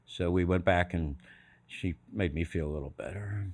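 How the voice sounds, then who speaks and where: A man's voice: sits low, normal speed. An older man from Philadelphia, a podcast guest telling stories casually, acting out the voices of the people he quotes, with many fillers and restarts. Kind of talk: casual storytelling.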